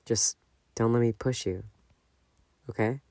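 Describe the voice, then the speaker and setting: A man voicing a calm young man who speaks softly and reassuringly. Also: medium pitch, unhurried, no echo, studio quality, lightly acted. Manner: soft and reassuring.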